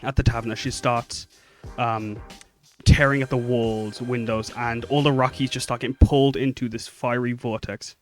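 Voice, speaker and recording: A man's voice: medium pitch, fairly even intonation, normal speed, soft background music. Rambling man narrating as game master. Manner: rambling, self-correcting narration.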